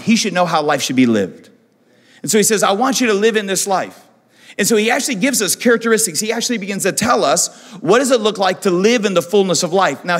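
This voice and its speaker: A man's voice: a little high, fairly bright tone, long reverb tail. A male pastor preaching a passionate sermon, acting out the voices of people he quotes. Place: church auditorium.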